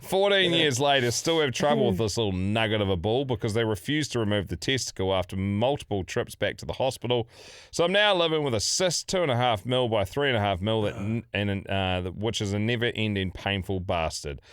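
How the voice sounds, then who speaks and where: A man's voice: on the low side, animated, a little fast, fairly bright tone, clear, resonant tone, no echo, studio quality. A middle-aged man with a New Zealand accent, co-hosting a podcast and reading out a listener's story in a laid-back, sweary way. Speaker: podcast co-host.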